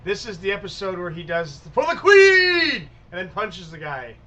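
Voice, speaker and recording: A man running a tabletop role-play session as storyteller, easygoing and halting, with many fillers and restarts. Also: high voice, bright, forceful tone, muffled recording.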